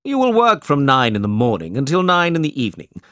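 A man's voice: mid-range voice, huge pitch swings, a little fast, a bit bright, dry recording, clean studio sound, voice pushed up. A man voicing a cold, domineering older uncle in an audiobook, speaking curtly.

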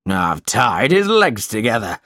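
A man's voice: on the low side, very animated, measured pace, a bit bright, no room sound, clean studio sound. A man voicing a cruel, bullying middle-aged schoolmaster who barks threats in a storybook reading. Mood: angry threatening. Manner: barking, menacing.

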